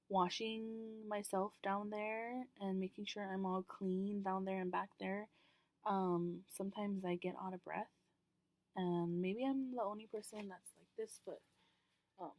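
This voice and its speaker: A woman's voice: mid-range voice, no echo. A woman vlogger talking candidly to camera in a casual, rambling way, with many ums and casual swearing.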